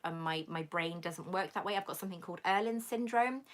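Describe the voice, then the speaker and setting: A woman from Britain hosting a casual live-stream Q&A, reading viewer comments aloud and gushing warmly back at them. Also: on the low side, fairly quick. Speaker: YouTube host answering viewer comments.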